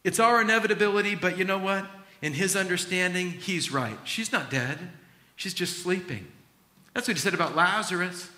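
A man preaching a sermon as pastor, acting out Bible scenes in an animated, storytelling way. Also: high-pitched, moderate pace, echoey room.

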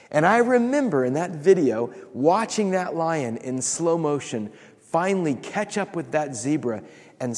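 Brief: animated male preacher, slightly high voice, sermon in a big echoing hall. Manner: storytelling with dramatic pauses and laughs. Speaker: pastor. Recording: long reverb of a large hall.

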